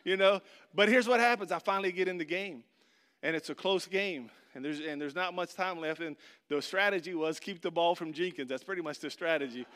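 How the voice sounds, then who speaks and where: High, bright-voiced animated male preacher. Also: brisk. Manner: animated storyteller, acts out voices and shouts; addresses the audience directly. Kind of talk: sermon with storytelling.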